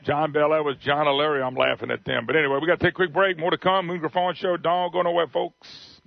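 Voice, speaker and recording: A man's voice: fairly high pitch, little pitch movement, quick pace, gravelly, no room sound. A man hosting a talk radio show, blunt and folksy in casual on-air chat. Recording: dull radio broadcast sound.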